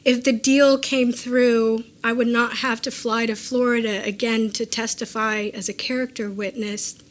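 Woman author, somewhat high voice, reading her own memoir live: measured and deliberate, with dry asides. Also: little pitch movement, slight background noise. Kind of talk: live reading of a personal essay.

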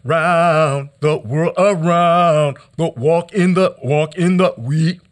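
A man's voice: on the high side, slow pace. Chanting, stammering poet, a man. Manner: rhythmic chanting with stuttered repetitions, hushes and sudden shouts. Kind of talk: live poetry reading. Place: hall.

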